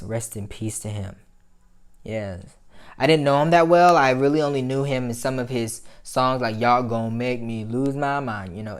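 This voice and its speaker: A man hosting a commentary show, talking frankly to his viewers, swearing freely and growing heated and emphatic as he makes his points. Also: medium pitch. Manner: frank, profane, addresses viewers as y'all. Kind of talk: casual opinion commentary.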